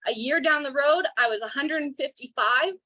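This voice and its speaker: Twenties woman, earnest emotional testimonial, high and bright, dry. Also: a little fast, no room sound, low-quality recording. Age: 20s. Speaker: customer giving a testimonial. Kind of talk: casual online call testimonial.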